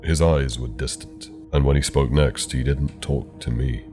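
A man narrating a horror story in a calm, measured way. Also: a bass voice. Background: soft background music.

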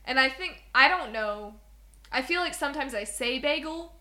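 A woman's voice: high voice, animated, moderate pace, pushed and bright. A young woman co-hosting a podcast, chatting casually, giggling and reading bits aloud from an article. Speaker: podcast co-host. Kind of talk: casual chat.

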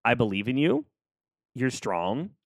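A man hosts a solo podcast, chatting casually and cheering the listener on in a playful, upbeat way. His mid-range voice is sing-song and unhurried, captured dry and at studio quality on a close studio microphone.

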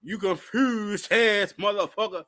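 A drunk man with a high voice rambles through a profane, combative rant. His speech is loose and hiccuping as he vents straight at the camera. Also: unhurried, pushed and bright. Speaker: vlogger. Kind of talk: drunken ranting monologue.

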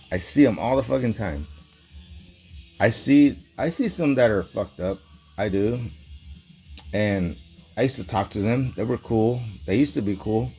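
A man's voice: mid-range voice, a little mellow, husky. A man delivering a rambling, profane, agitated monologue in casual talk.

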